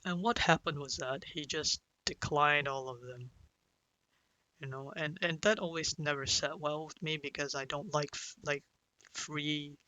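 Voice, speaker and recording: A young man recounting a painful personal story, speaking hesitantly with many restarts and pauses. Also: fairly high pitch, steady tone, sharp tone, low-quality recording. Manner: hesitant, full of restarts and "you know"; sighs and breaks down into whispers at emotional moments. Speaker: vlogger.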